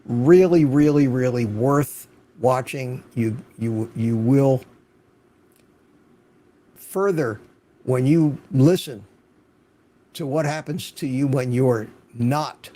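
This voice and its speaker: A man's voice: medium pitch, takes it slowly, long pauses, mellow. An older man hosting a live stream, chatting casually, greeting viewers by name and repeating words for stress. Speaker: host. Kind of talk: casual livestream chat.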